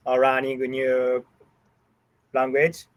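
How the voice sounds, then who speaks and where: Japanese man, English learner, very slow and hesitant, repeats words back. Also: medium pitch, monotone, clear, resonant tone, poor audio. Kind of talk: online English lesson. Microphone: video call.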